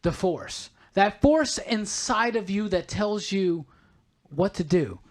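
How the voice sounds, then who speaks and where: A man co-hosting a casual podcast, talking in an animated, preachy way when he explains an idea. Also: sits high, slow. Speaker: podcast co-host.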